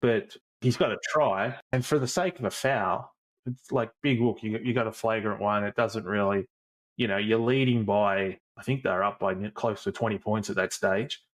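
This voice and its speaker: A man's voice: fairly low pitch, normal speed. Easygoing man co-hosting a podcast. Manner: easygoing, explains at length. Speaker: podcast co-host. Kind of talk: casual chat.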